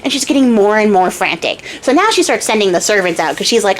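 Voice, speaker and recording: A woman's voice: mid-range voice, expressive, fast, a little hiss or hum. Chatty young woman retelling a tale. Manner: chatty, playful, slangy. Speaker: craft channel host. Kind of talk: casual fairy-tale retelling.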